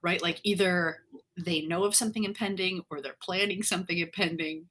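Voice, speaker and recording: A woman co-hosts a relaxed live morning chat, upbeat and quick to laugh. Her voice is bright and forward with a husky, breathy edge. She talks loosely, full of "like" and "right". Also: fairly low pitch. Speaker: co-host. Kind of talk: casual live-stream chat.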